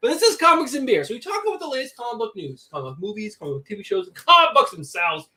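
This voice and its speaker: A man co-hosting a casual livestream about comics and beer, upbeat and quick to laugh. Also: very high-pitched, sing-song, pushed and bright.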